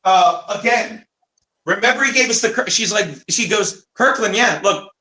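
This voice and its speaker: A man co-hosting a casual livestream chat, loud and swearing, laughing through his stories. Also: high voice, moderate pace. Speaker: co-host. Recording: echoey room.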